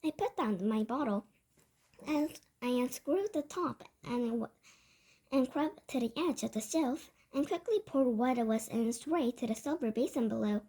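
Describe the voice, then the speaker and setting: High-voiced woman reading a storybook aloud. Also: moderate pace, husky. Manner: lively storytelling with small slips and restarts. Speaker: book reader. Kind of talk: reading a children's novel aloud.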